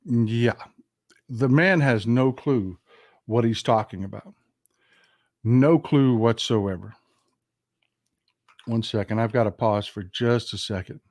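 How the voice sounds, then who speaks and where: A man's voice: medium pitch, slow pace, pauses often, dry recording, studio quality. A man with a Southern American accent hosting a casual political live stream, talking in a folksy, emphatic way and answering his chat.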